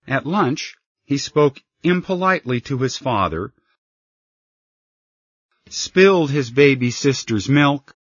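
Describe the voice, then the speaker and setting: Calm guy reading a story, slow and expressive, dry, kinda muffled sound. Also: medium pitch, no echo. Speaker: reader. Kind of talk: scripted story narration. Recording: slightly muffled dry recording.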